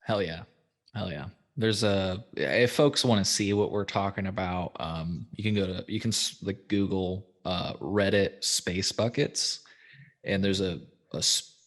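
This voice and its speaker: A man's voice: low voice, measured pace. A man hosting a podcast in casual chat, laid-back, swearing freely and filling with "um" and "like". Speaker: podcast host.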